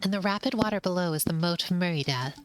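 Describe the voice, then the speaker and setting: A woman's voice: fairly low pitch, fast talker, a little hiss or hum, pitched above the performer's own voice, lightly acted. A woman voicing a polite, well-read young mouse adventurer, reading game dialogue aloud in an earnest, informative way.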